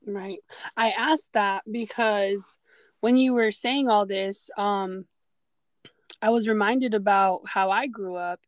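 A woman's voice: mid-range voice, steady tone, takes it slowly, dry recording. A woman in her early twenties hosting a podcast, sharing personal memories in a reflective, conversational way with frequent fillers. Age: 20s. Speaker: podcast host.

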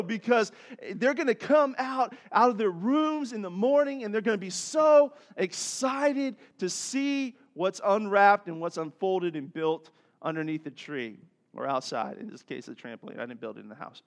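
A middle-aged man preaching a sermon as pastor, telling stories with animated swings from soft to loud. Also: high voice, moderate pace.

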